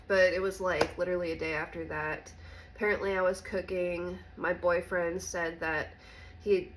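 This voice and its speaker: A woman vlogger telling a personal story in a candid, halting, soft-spoken way. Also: medium pitch, poor audio. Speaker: recovery vlogger.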